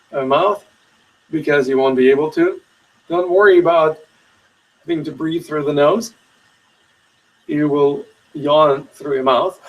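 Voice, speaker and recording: Man, meditation teacher, slightly high voice, unhurried guided instruction, a bit off-mic. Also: distant mic, poor audio. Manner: slow, soothing guided instruction with long pauses. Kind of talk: webinar instruction.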